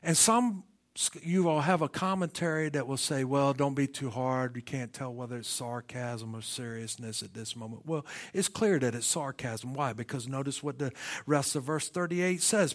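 A middle-aged man preaching a sermon, asking rhetorical questions, swinging from shouted climaxes down to hushed near-whispers. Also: mid-range voice, normal speed. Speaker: pastor.

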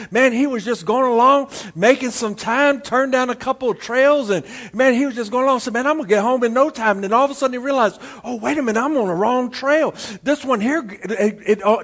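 A man preaching a sermon as pastor, telling a folksy joke and then reading scripture with drawn-out emphatic phrasing. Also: extremely high pitch, a bit bright. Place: church service streamed to homes.

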